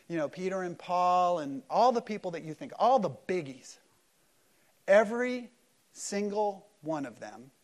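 A man preaching an Easter sermon at a church service, swinging between loud emphatic peaks and hushed, quiet lows. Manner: acts out quoted voices in prayer-like dialogue. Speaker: pastor.

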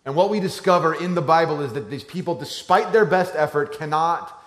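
A man preaching a sermon as a pastor, telling a family story and moving between hushed, low lines and loud, animated ones. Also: a little fast. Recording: echoey room.

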